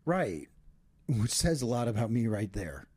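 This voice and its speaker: Man, podcast co-host, earnest, reflective, restarts sentences, warm low tone. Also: sing-song, a little slow, husky, dry recording, studio quality. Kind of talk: casual couple's podcast chat.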